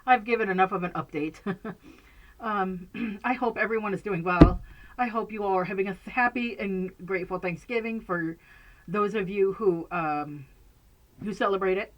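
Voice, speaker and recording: A woman's voice: medium pitch, normal speed, highs cut off. A woman vlogger chatting casually to her camera in a messy room at home, rambling with many fillers, restarts and frequent laughs.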